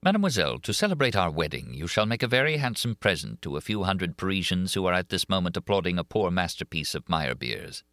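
A man voicing a cold, deliberate masked phantom who taunts calmly. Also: low voice, dry recording, studio quality. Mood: coldly menacing.

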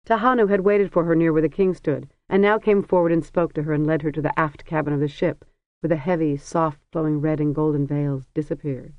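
An audiobook narrator reading a fantasy story in a measured, even storytelling manner. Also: mid-range voice, no echo. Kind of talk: scripted narration. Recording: dry, dull lo-fi recording.

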